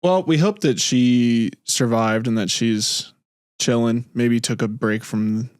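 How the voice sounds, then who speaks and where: A man's voice: medium pitch, slow, darkish tone, clear, resonant tone, no room sound, clean studio sound. A man hosting a podcast, chatting casually and laughing easily, then reading his own short story aloud. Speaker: podcast host.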